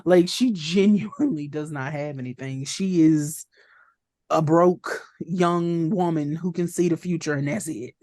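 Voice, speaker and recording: A woman co-hosting a podcast, chatting casually about a TV episode as an animated, playful storyteller who laughs often. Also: sits low, a little slow, no room sound, studio quality. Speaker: podcast co-host.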